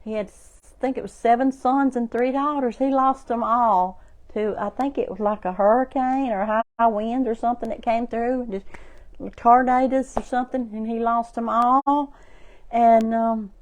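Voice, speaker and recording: Slow, high-voiced woman preaching. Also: steady tone. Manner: slow, repetitive, rising to emphatic preaching. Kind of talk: informal sermon.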